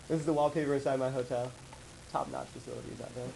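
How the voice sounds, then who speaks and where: A man giving a casual slideshow talk to colleagues, rambling and animated as he tells stories. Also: medium pitch, creaky, slight background noise, rough recording. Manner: rambling, animated storytelling with acted-out quotes. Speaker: presenter. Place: office meeting room.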